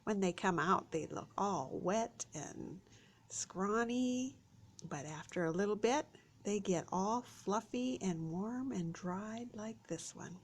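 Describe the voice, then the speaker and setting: A library storyteller, a woman, reads to small children in a slow, unhurried way. Her pitch swoops up and down with lively expression, and she sometimes drops to a hushed whisper for suspense. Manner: animated, sing-song, drops to a whisper for suspense.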